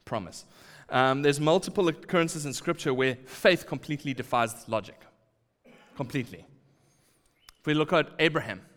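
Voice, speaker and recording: Man preaching in a reverberant hall. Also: medium pitch. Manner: acts out quoted lines, drops to quiet asides. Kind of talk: sermon.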